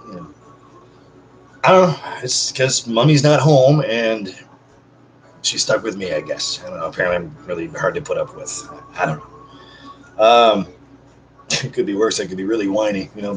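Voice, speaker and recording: Casual male vlogger at home, lowish voice, rambly and self-mocking, talks straight to viewers in one take. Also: a little hiss or hum, poor audio. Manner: rambling, joking, self-deprecating asides to viewers. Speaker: channel host. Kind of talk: casual unedited one-take vlog chat.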